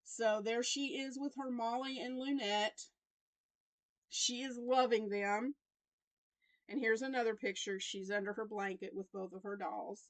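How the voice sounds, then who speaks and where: A woman's voice: on the high side, steady tone, a little slow, no room sound. A grandmother in her fifties with a Southern American accent, chatting to camera about her week in a rambling, restarting way. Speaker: crochet vlogger. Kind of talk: casual chat to camera.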